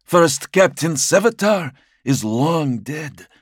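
A man's voice: on the high side, expressive, takes it slowly, husky, no room sound, clean studio sound, voice pushed up, exaggerated voice. A man voicing a deferential male warrior officer with a raised, strained, urgent delivery. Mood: urgent deference.

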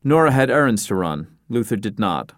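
A man with a lowish voice tells a story as audiobook narration, reading a script in an even, measured way. The audio is clean studio sound with no room sound.

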